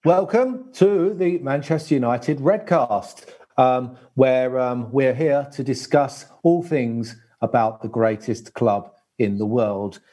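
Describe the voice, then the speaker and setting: A man's voice: medium pitch, slow, dark tone, a little hiss or hum. A man hosting a football podcast, hesitant and heavy on fillers. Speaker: podcast host. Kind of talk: casual chat, football talk.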